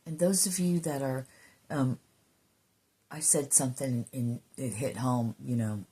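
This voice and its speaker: A woman giving an emotional, earnest spiritual card reading, sometimes dropping into soft whispers and swearing casually. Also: extremely low pitch, fairly even intonation, measured pace, slightly rough. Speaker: intuitive card reader.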